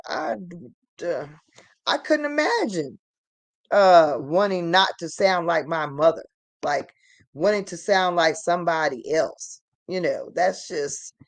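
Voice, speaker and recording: A woman's voice: lowish voice, no echo. A woman co-hosting a commentary video, talking emphatically in a conversational way. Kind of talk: opinionated commentary.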